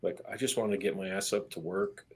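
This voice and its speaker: A man with a fairly low voice speaks as a guest in a candid podcast interview. He talks in an earnest, plain-spoken way, swears casually, and restarts his phrases when pressing a point. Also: steady tone, brisk, slightly rough. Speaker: army veteran guest.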